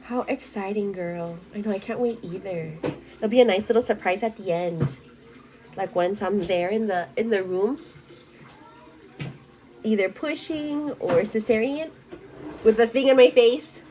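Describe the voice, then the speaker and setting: Her voice is medium-pitched and mellow, a bit slow, with frequent pauses, and the rough recording picks up slight background noise. She's a Mexican-American beauty vlogger chatting casually as she gets ready at home, cheerful, quick to laugh, and dropping in bits of Spanish.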